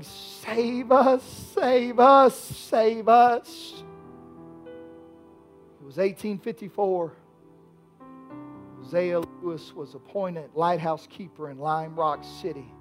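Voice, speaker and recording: A man preaching a sermon as pastor, swinging from hushed lines to shouted peaks. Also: high voice.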